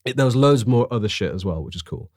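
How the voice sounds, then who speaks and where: A young man, telling a story in a casual podcast chat, excitable and swearing freely. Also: mid-range voice, fast, dry recording, clean studio sound. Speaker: podcast co-host.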